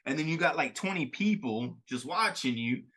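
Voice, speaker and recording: Bright-voiced Cajun-accented young man. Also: on the high side, lively intonation, normal speed. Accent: Louisiana Cajun. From Louisiana. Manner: rambling storyteller, laughs often. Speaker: podcast host. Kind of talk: casual chat.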